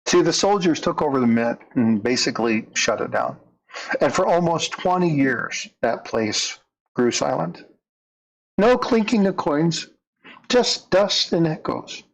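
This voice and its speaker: A man's voice: a little high, big pitch swings, unhurried, vocal fry, poor audio. A man narrating a story in a conversational way, leaning into the dramatic moments. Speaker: storyteller, coin channel host.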